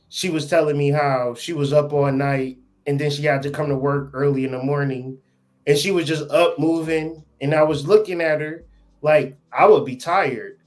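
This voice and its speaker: A man in casual podcast chat, blunt and profane, telling lively stories as the guest. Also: fairly high pitch. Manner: blunt, profane, animated storytelling.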